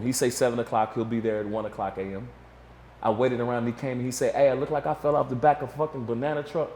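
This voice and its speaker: A man's voice: mid-range voice, slight background noise. Man telling a story in an echoey room. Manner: animated storytelling, acts out voices of others. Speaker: interview guest. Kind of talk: storytelling interview. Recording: echoey room with faint ambience.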